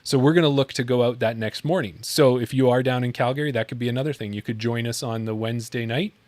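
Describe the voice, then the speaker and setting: A man from Canada co-hosts a relaxed podcast. He talks at a middle pitch, laughing often and drifting into tangents. His voice sounds close and dry. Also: fast talker, no room sound. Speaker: podcast co-host. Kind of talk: casual podcast chat.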